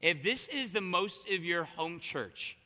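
A man preaching a sermon as a pastor, talking in a conversational, animated way with frequent restarts. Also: sits high, a little slow, long reverb tail.

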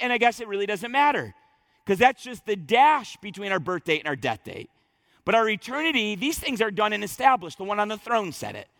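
A man's voice: sits high, bright, forceful tone, dry recording. A man preaching a sermon as pastor, emphatic and repeating words as he presses each point.

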